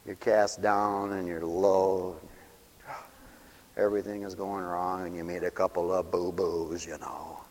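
A man preaching a lively sermon who swings from loud cries to quiet mumbles, acting out scenes and laughing often. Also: sits low, unhurried, big-room sound. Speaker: pastor.

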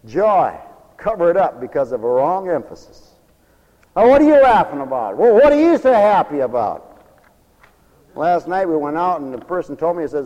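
A high-voiced man preaches a folksy, emphatic sermon, telling stories and calling for amens, his words ringing with long reverb like a large hall. His warm voice swings widely in pitch at a moderate pace, and the highs are cut off.

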